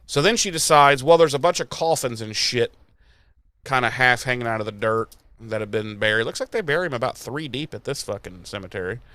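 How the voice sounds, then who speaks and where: Guy recapping a tv episode, pitch jumps all over, cusses a lot, dry close mic. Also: brisk, no echo. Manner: animated, sweary and jokey. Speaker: podcast host.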